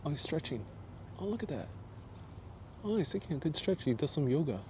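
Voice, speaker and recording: Warm and sing-song, his fairly high voice runs a little fast as he hosts a live walking tour outdoors on city streets, narrating casually and reacting to viewer comments. A phone on a handheld gimbal records him, with slight background noise.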